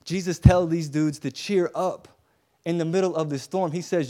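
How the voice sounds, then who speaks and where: A man's voice: fairly high pitch, moderate pace. Earnest preacher man building his sermon. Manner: drops to soft, hushed tones at moments.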